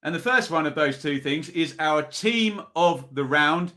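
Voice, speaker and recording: A man's voice: fairly high pitch, expressive, measured pace, sharp tone. A man hosting a live football review show, chatting casually and reading out viewer votes. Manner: chatty, reads out viewer comments, pleading. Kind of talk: casual live-stream commentary.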